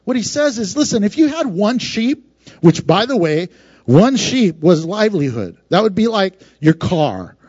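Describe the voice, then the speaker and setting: A man preaching a sermon in a conversational, animated way, laughing often and acting out voices. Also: high voice, a little slow, breathy edge, dry recording, highs cut off. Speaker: pastor.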